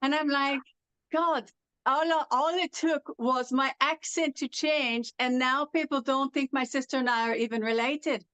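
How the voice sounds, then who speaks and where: A woman's voice: sits high, steady tone, moderate pace, few pauses, a bit bright, dry recording, poor audio. A woman from California whose speech has an unusual foreign-sounding accent from foreign accent syndrome, telling stories in an interview with many fillers. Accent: foreign accent syndrome, heard as European. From California, USA. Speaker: guest. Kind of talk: interview about her condition.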